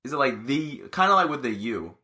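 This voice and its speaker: A man's voice: mid-range voice, very animated, brisk, pushed and bright. A young man co-hosting a casual sports podcast, easygoing and agreeable, sometimes hesitating. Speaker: podcast co-host.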